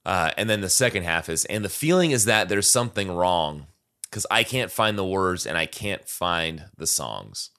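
A man's voice: low voice, big pitch swings, moderate pace, bright, forceful tone. A man co-hosting a casual talk show, reading song lyrics aloud and thoughtfully picking them apart with plenty of fillers. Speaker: podcast co-host discussing song lyrics. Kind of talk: casual conversational analysis.

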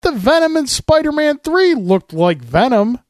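A man's voice: very high voice, big pitch swings, unhurried, dry recording. Rambling male podcast co-host, dry sound. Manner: rambling, explanatory, with restarts. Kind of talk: casual chat.

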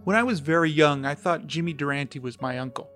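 A man narrating a story read from a letter, steady and reflective. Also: fairly high pitch, fairly quick, faint music behind.

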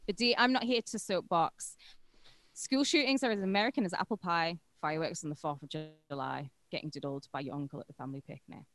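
A woman's voice: lowish voice, fast talker, a bit bright. A woman co-hosting a podcast, telling a true-crime story in a casual, irreverent way with crude jokes along the way. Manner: irreverent and crude, joking between facts.

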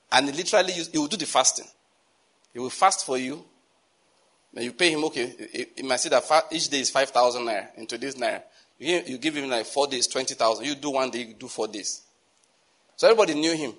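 A man with a Nigerian accent preaching a storytelling sermon, animated, with pidgin phrases mixed in. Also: medium pitch. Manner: animated, laughing asides, mixes in pidgin.

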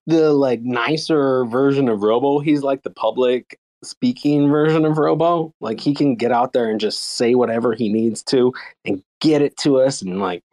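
A man's voice: mid-range voice, darkish tone. A man chatting on a casual group call, rambling through his point with lots of "like" and "you know".

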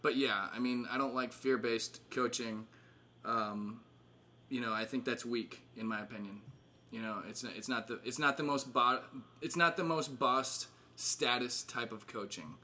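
Here the same kind of host, a man in his thirties, speaks a little slowly in a steady, sharp, medium-pitched voice. Catching up casually with old friends, he rambles with fillers and laughs often.

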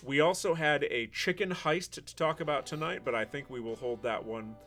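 A man hosting a podcast, chatting in a relaxed, rambling way. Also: on the high side, moderate pace, faint music behind. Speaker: podcast host. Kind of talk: casual chat.

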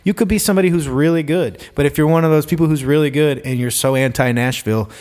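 A man's voice: on the high side, quick pace, a little mellow. A man, a guest musician in a casual podcast chat, explaining things in a reasoned, wry way. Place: studio room across a table.

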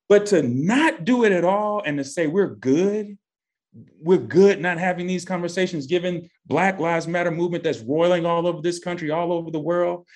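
A man's voice: animated, normal speed, darkish tone. A man, answering interview questions with passion and emphasis. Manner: passionate, emphatic, voice rising high when stressing points. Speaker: guest. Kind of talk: impassioned interview talk.

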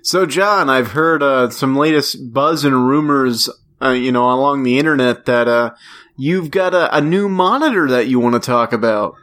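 A man co-hosting a relaxed podcast, full of silly jokes and repeated questions. He laughs a lot and keeps the banter going. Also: medium pitch, moderate pace. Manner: joking, repeats himself, laughs often. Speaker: podcast co-host.

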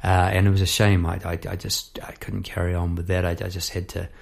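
A young man telling a story in a casual, animated way, acting out the people in it. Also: fairly quick, creaky. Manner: animated, chirps bird noises and acts out people in high voices.

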